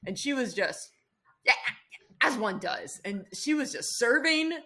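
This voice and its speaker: A woman's voice: on the high side, animated, unhurried, sharp tone. A woman chatting on a podcast, gushing and rambling with frequent restarts. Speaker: podcast guest. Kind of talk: casual podcast chat.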